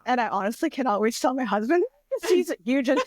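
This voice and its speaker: A young woman co-hosting a casual podcast, chatting in an animated, rambling way and laughing often. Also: sits high, quick pace, no echo. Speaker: podcast co-host and author. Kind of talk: casual chat.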